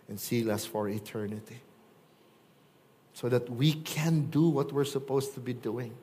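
A man, preaching a sermon and acting out quoted voices with lively swings. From Philippines. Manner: animated, acts out quoted voices with big pitch jumps. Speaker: pastor.

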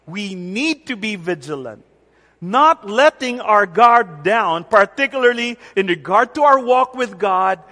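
A man preaching a sermon as pastor, deliberate and emphatic, repeating key phrases for weight. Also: high voice, lively intonation, bright, forceful tone, big-room sound. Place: church center with rain on the roof.

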